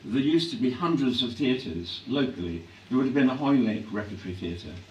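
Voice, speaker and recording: Older man, hoarse, echoey distant hall. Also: medium pitch, animated, moderate pace, dull audio, slight background noise. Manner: reflective, anecdotal, with frequent throat-clearing. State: voice growing hoarse. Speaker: actor being interviewed. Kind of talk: on-stage interview before a live audience. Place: hall at a public event.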